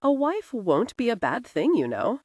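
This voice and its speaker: A woman narrator voicing a sly older male aristocrat who speaks in a slow, lazy drawl. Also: on the high side, huge pitch swings, dry recording, pitched above the performer's own voice. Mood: teasing.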